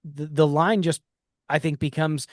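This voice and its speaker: A man's voice: fairly high pitch, level tone, a little slow, dry recording. Man, podcast host, reflective storyteller, casual talk, dry close recording. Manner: reflective storytelling, frequent restarts.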